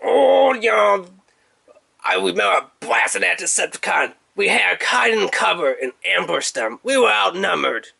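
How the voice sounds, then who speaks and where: A man voicing a grizzled old male robot veteran who loudly tells boastful war stories. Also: sits high, lively intonation, unhurried, vocal fry, husky, no room sound, pitched above the performer's own voice, full character voice.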